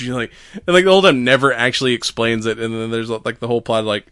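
Dude on a podcast, rambles and laughs a lot, dry sound, mid voice. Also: male voice, medium pitch, steady tone, fast talker, a bit bright, clear, resonant tone, no room sound. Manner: rambling, laughing, acting out quoted lines. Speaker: podcast co-host. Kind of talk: casual chat recapping a comedy series.

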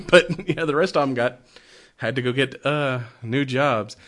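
A man in casual movie talk, loose and profane, breaking into laughter between his points. His voice sits at an ordinary middle pitch, and he talks at an easy, rambling pace. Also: unhurried, a bit bright.

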